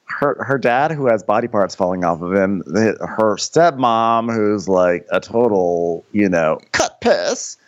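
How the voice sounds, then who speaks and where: Podcast co-host, male, low voice, rambling and halting, dull lo-fi sound. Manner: rambling, halting with many likes and restarts. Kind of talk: casual comedic recap chat.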